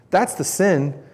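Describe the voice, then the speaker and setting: A man's voice: on the high side, a little mellow. A man preaching a sermon, earnest and emphatic, repeating words to drive his points home. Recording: long reverb in a large hall.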